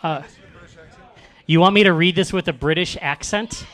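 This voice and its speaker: A man's voice: fairly high pitch, normal speed, long pauses, a bit bright. A man hosting a live comedy roast in a club, bantering with the crowd and mocking what he reads aloud. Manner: sarcastic, mock-reading lines aloud. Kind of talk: stand-up banter with the audience.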